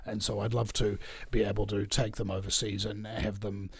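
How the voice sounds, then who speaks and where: A man's voice: on the low side, flat delivery, moderate pace, vocal fry, breathy edge, no echo. Rambling New Zealand man, dry sound. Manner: digressive, anecdotal storytelling. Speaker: podcast guest. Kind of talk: casual interview chat.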